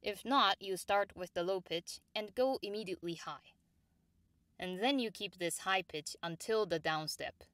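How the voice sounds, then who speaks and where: A woman teaching Japanese pronunciation, explaining pitch accent in a precise way and repeating each example word. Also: fairly bright tone, dry recording. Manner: measured and precise, models example words slowly and repeats them. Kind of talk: slow, clear instructional explanation.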